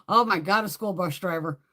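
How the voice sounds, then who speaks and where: A woman's voice: mid-range voice, pushed and bright. A woman hosting a casual makeup livestream, telling blunt, heavily profane stories while chatting with viewers. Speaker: beauty livestream host. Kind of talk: casual live chat while doing makeup.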